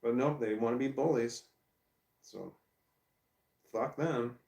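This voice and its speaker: A middle-aged vlogger vents bluntly and with plenty of profanity in a personal video rant, repeating himself along the way. His medium-pitched voice is slow, creaky and a little mellow. He's recorded far from the mic in an echoey room.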